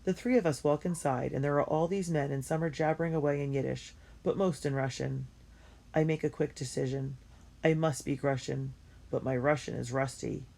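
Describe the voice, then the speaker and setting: A woman reading a first-person diary story aloud in an earnest and expressive way. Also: a bass voice, normal speed, vocal fry. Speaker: audiobook reader.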